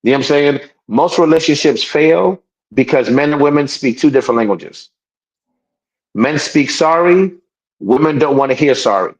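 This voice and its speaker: This podcast co-host has a fairly high, animated voice and speaks at a moderate pace in a rough recording. Chatting casually and emphatically, he repeats himself, restarts sentences, and raises his voice to act out people he quotes.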